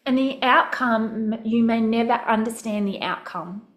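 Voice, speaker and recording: A woman's voice: on the high side, measured pace, roomy sound. A woman coaching a group, telling a personal story in a candid, casual way and acting out the people in it. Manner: candid, swears casually, acts out quoted voices. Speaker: mastermind coach.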